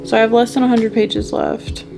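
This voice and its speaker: A woman's voice: on the high side, level tone, normal speed, vocal fry, over music. Emotional young woman book vlogger. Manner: emotional, swearing, gushing. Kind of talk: casual reading vlog.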